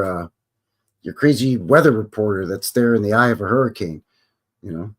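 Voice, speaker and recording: A man's voice: fairly low pitch, animated, brisk. A man hosting a live stream, reading song lyrics aloud and explaining them in a chatty, casual way. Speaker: host.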